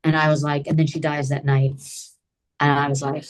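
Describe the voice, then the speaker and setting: A middle-aged woman telling a personal story as a guest in an interview, lively and animated, acting out quoted dialogue and using many "like" and "you know" fillers. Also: a little fast. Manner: animated, acts out quoted dialogue with big pitch jumps.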